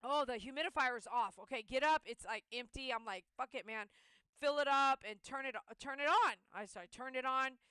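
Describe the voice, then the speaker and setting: A woman's voice: high voice, moderate pace, pushed and bright, smooth, dry recording. A woman who runs a pet-grooming channel, talking in a casual, heartfelt monologue and telling stories by replaying her own inner voice.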